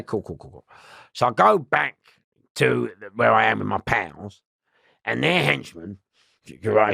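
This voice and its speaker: A man telling a prison story in an interview, animated and swearing, acting out voices and laughing often. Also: mid-range voice, vocal fry, slightly rough, dry recording, clean studio sound. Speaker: interview guest.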